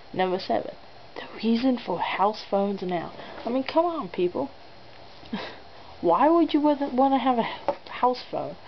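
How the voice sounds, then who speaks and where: A woman's voice: on the high side, animated, takes it slowly, long pauses. A young woman hosting a casual top ten countdown vlog, laughing often and making sarcastic asides. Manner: giggly and sarcastic, laughing between items. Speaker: vlogger. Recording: dull lo-fi webcam audio with faint background noise.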